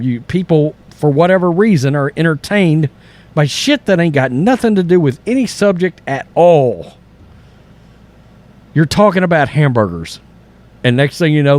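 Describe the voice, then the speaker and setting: A middle-aged man with a drawl rambles through his sports vlog, swearing casually. His voice sits a little high and jumps around a lot in pitch. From Texas. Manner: rambling, animated, profane. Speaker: sports channel host.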